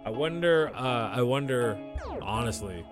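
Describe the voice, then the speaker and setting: A man's voice: medium pitch, animated, a little slow, faint music behind. A man hosting a podcast, riffing on news in a casual, profane and opinionated way. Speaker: podcast host.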